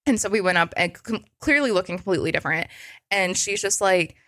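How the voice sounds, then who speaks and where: Animated woman telling a con story. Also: medium pitch, fairly quick, no echo, clean studio sound. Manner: animated, laughing, lots of filler words. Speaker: podcast guest. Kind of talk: casual chat, storytelling.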